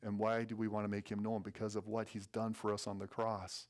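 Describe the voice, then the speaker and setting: A man preaching a sermon as a guest speaker in a church, earnest and sometimes quickening with excitement. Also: fairly low pitch. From North Dakota. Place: church sanctuary.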